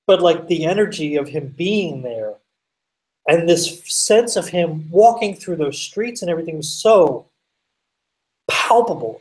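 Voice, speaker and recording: A man telling a story as a guest, animated, full of fillers and swearing. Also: a little high, distant mic, low-quality recording. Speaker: podcast guest. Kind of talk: casual storytelling.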